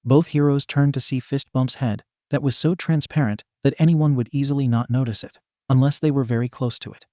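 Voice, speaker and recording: A man reading a fan fiction story aloud as narrator, with a steady, even delivery. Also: medium pitch, brisk, dry recording, studio quality.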